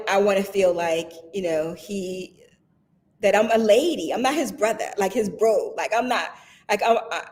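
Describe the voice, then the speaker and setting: A woman guest in casual conversation who tells stories with energy, acts out what people said, and laughs often. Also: medium pitch. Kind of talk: casual chat.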